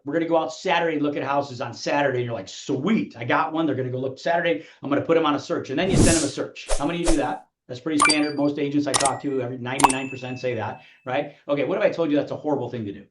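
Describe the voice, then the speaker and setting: A man coaching real estate agents in a motivational training talk, firing rhetorical questions at the audience and acting out clients. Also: fairly high pitch. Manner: rapid-fire rhetorical questions, acts out clients. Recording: echoey, dull room sound.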